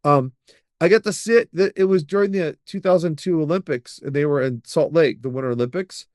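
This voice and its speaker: A middle-aged man, a podcast guest, telling long personal stories in a lively, rambling way, with many fillers and restarts. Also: on the high side, fairly quick, dry recording, studio quality. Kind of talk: storytelling in an interview.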